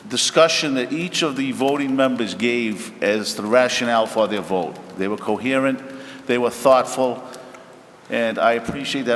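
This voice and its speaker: A man speaking as a school committee member at a public meeting, firm, measured and resolute. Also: mid-range voice. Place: town meeting room. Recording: echoey meeting hall, faint background noise.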